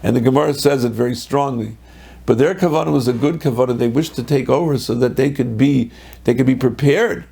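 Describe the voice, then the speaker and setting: A man, a rabbi, teaching a Torah class in a lively storytelling way, quoting texts and then translating them. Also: medium pitch, brisk, gravelly, husky, poor audio. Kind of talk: Torah class on the weekly portion.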